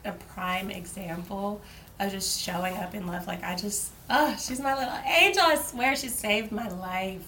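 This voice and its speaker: A woman's voice: mid-range voice, a little slow, pushed and bright. Young woman, casual podcast co-host, filler-heavy, faint background noise. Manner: chatty, filler-heavy with frequent "like". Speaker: podcast co-host, life coach. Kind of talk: casual chat.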